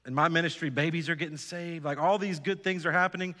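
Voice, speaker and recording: A man's voice: on the high side, steady tone, quick pace, hardly any pauses, bright, forceful tone, long reverb tail. A man preaching a sermon as pastor, earnest, repeating phrases and putting direct questions to his congregation. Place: church sanctuary.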